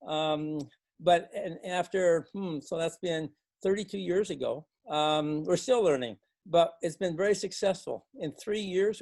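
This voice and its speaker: An older man from Montana tells a farming story to a club in a folksy, rambling way. His voice sits a little high and perks up when he quotes people. The sound is dry and close. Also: gravelly, dry recording. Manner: folksy, animated when quoting others, many fillers and restarts. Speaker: organic farmer and speaker.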